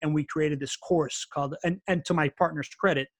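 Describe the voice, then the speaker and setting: A man guesting on a podcast, telling stories in an animated, casual way full of fillers and "right?" tags. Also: a little high, a little fast, dry recording, clean studio sound. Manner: animated, filler-heavy, keeps asking "right?". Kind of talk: casual interview storytelling.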